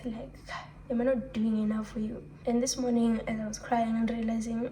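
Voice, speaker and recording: A young woman pours out her feelings in a rambling, candid vlog confession. Her voice sits a touch high but sounds warm and mellow. A light hiss of background noise runs under the recording. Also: flat delivery, moderate pace, rough recording. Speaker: vlogger. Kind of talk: emotional confessional monologue.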